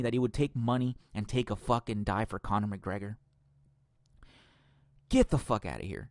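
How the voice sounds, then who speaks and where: A man's voice: on the low side, normal speed, pauses often, no room sound, studio quality. A man hosting a podcast, ranting casually and profanely with strong opinions. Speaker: podcast host.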